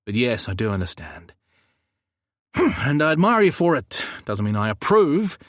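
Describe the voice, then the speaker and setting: A man voicing a stern, exasperated male police officer who scolds his family in a gruff, emphatic way. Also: mid-range voice, sing-song, unhurried, a bit bright, no echo, clean studio sound. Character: stern exasperated male cop, brother-in-law.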